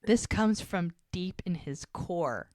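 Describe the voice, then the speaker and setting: A woman's voice: lowish voice, expressive, takes it slowly, darkish tone, dry recording, clean studio sound. A woman co-hosting a casual podcast, retelling a TV scene and acting out each character's lines as she goes. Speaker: podcast co-host. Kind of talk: casual recap chat.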